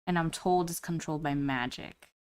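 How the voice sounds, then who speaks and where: A woman plays a curious adult woman adventurer who digs for answers while keeping her tone offhand. Her voice sits somewhat low for a woman. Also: normal speed, smooth, lightly acted. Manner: casually inquisitive questioning.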